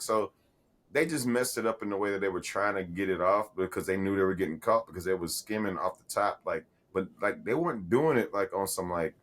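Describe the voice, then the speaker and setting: A podcast co-host with a deep voice talks fairly quickly in casual, profane chat. He rambles through stories and often restarts his sentences.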